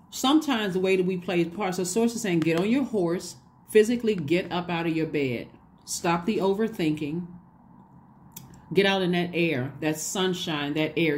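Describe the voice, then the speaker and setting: A woman with a low voice gives a casual spiritual tarot reading. She talks earnestly, coaching her listeners, repeating phrases and asking "right?" often. A faint hiss sits under the recording. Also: darkish tone. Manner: repetitive, earnest, coaching, with frequent "right?" and restarts. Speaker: tarot reader.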